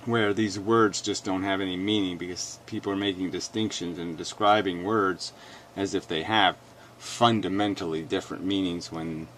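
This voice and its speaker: A man's voice: sits low, steady tone, moderate pace, few pauses, fairly bright tone, a little hiss or hum. A man hosting a video reaction, talking bluntly and emphatically as he argues his point. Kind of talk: argumentative commentary.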